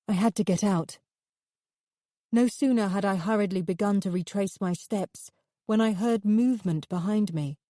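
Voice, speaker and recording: Low, dark-voiced woman narrating a thriller. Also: dry recording, clean studio sound. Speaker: audiobook narrator. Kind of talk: first-person thriller narration.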